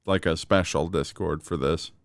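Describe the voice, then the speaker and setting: A man's voice: low-pitched, steady tone, moderate pace. A man chatting casually on a live gaming stream, often laughing and rambling through stories.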